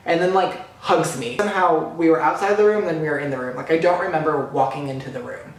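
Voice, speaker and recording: A man vlogging an excited personal story, animated and dramatic, full of "like" and "literally.". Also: on the high side, quick pace. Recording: echoey room.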